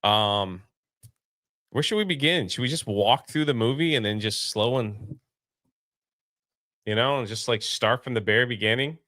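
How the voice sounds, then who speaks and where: A man's voice: mid-range voice, moderate pace, long pauses, fairly bright tone, dry recording, clean studio sound. A man co-hosting a casual movie review chat, talking in a rambling, laid-back way with many fillers. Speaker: co-host of a movie review show.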